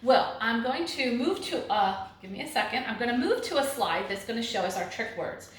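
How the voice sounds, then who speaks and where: A woman teaching a phonics lesson to second graders, drilling sounds clearly and with energy. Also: a little high, expressive, moderate pace, a little hiss or hum. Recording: very echoey room.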